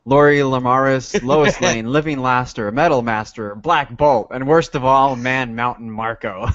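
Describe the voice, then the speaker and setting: A man's voice: medium pitch, a little slow, a bit bright. Man chatting on a lo-fi podcast. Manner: chatty, reads off lists. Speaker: podcast co-host. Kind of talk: casual chat. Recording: dull lo-fi podcast audio.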